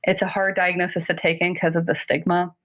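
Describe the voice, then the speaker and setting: Chatty laughing woman, lowish voice. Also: little pitch movement, a bit bright. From North Carolina, US. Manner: chatty, quick, laughs often, filler "like". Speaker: guest therapist. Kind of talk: casual interview talk.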